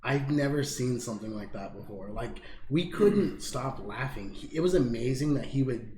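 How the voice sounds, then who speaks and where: A man's voice: mid-range voice, animated, moderate pace, a little mellow, echoey room, poor audio. A man co-hosting a podcast, laid-back and swearing, calling everyone dude. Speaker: podcast co-host. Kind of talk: casual chat.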